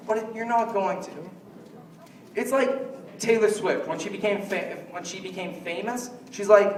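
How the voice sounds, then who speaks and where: A stand-up comic runs through a rambling, jokey routine, often slipping into mock quotes of other people. His voice is high-pitched at a normal speed, picked up from a distance in an echoey room.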